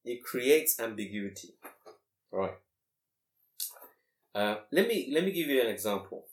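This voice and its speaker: A man teaches a class on Quranic grammar in a mid-range voice. He keeps asking the students rhetorical questions and recites Arabic verses quickly. The recording has the echo of a classroom. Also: medium pitch, very animated. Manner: explanatory, asks the class many rhetorical questions. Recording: echoey room.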